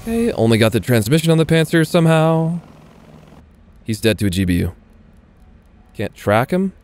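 A man's voice: a little high, very animated, normal speed, a little mellow. A man giving casual, swearing gameplay commentary as he plays, talking half to himself and half to viewers. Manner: muttering, swearing asides to viewers. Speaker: gaming video creator.

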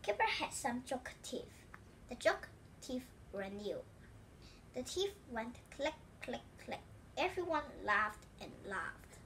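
A woman reading a children's storybook aloud in a slow, careful read-aloud way. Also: fairly high pitch, very animated, a bit bright, slight background noise. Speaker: storybook reader.

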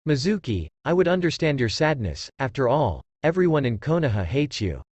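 A man's voice: mid-range voice, sing-song, moderate pace, a little mellow, breathy edge, dry recording. A man reading the lines of a scheming, taunting male ninja teacher in a fan story. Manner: taunting, threatening.

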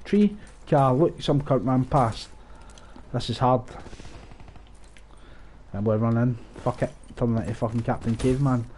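A man giving live, profane, rambling commentary over his own gameplay, breaking into excited outbursts. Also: mid-range voice, normal speed, pauses often, slight background noise. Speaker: gaming channel host.

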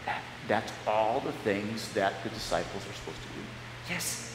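A man's voice: lowish voice, animated, moderate pace, very noisy. A man serving as pastor, leading a children's message in a church sanctuary, guiding the kids through a story in a stop-start, playful way. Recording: echoey church hall, live stream.

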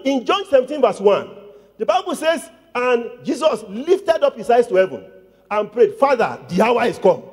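Man, pastor, call-and-response preaching, repetitive emphatic declarations, very high voice, long church reverb. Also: a little mellow. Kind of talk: sermon.

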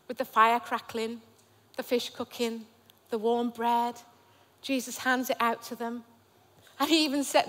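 Woman pastor, high voice, emphatic repeated phrases, sermon in a church with long reverb. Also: fairly bright tone. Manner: emphatic, repetitive preaching cadence.

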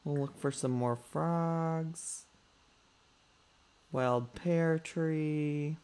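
Slow-talking man doing sassy game commentary. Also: a little high, steady tone, darkish tone, a little hiss or hum. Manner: chatty, talks to viewers as y'all, sassy asides to his character. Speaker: gaming YouTuber. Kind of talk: let's play gameplay commentary.

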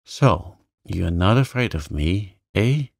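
A man doing a gruff old gentleman. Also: deep voice, animated, slow pace, dry recording, studio quality, exaggerated voice. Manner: abrupt, sharp questions. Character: gruff stern old gentleman, kind underneath.

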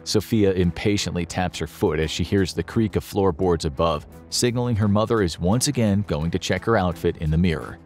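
A man giving scripted narration of a dramatic story in a steady, storytelling manner. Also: low-pitched, brisk, hardly any pauses, faint music behind.

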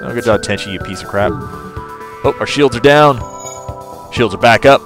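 A man giving casual let's play commentary, chatting to his crew and breaking into excited outbursts. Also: mid-range voice, moderate pace. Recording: game music behind voice.

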